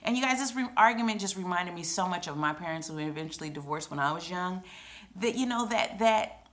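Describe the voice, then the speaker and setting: A woman casually chatting through a TV episode recap, retelling scenes in an emotional, animated way with lots of fillers. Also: fairly low pitch, a little fast. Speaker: TV recap vlogger.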